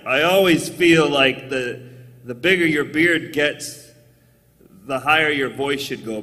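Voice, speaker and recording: A man doing a live stand-up comedy set on stage, jokey, often jumping into squeaky put-on voices. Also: fairly bright tone, in a large hall.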